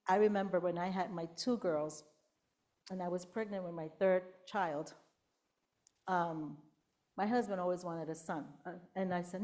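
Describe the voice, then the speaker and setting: A woman's voice: medium pitch, moderate pace. A middle-aged woman giving a sermon to a congregation, telling a Bible story and acting out the quotes, sometimes dropping to a whisper. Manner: storytelling with acted-out quotes, whispering to show how softly God speaks. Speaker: preacher.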